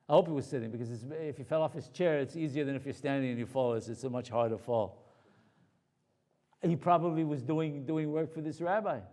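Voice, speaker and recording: A man, a rabbi, giving a storytelling Torah lecture to a live audience in a conversational, animated way. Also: mid-range voice, normal speed.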